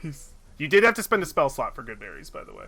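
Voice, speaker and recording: A man running a tabletop game as game master, chatty and relaxed as he makes quick rulings. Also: mid-range voice, creaky.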